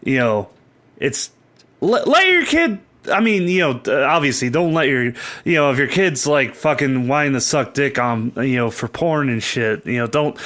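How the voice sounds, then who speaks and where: A man co-hosting a casual podcast chat, swearing freely, rambling and animated. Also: mid-range voice, normal speed. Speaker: podcast co-host.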